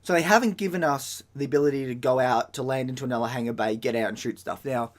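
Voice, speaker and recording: A man with an Australian accent, hosting a casual gaming commentary video, excitable and rambling, often correcting himself mid-sentence. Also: mid-range voice, fast.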